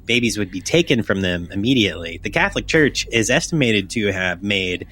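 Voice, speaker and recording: A man's voice: on the low side, lively intonation, fairly quick, a bit bright. A man hosting a podcast in casual chat, rambling and swearing freely. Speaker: podcast host.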